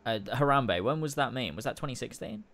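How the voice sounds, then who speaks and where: A man's voice: medium pitch, very animated, a little fast, vocal fry, fairly bright tone. A man co-hosting a casual podcast, ranting with lots of swearing and restarts. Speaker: podcast co-host.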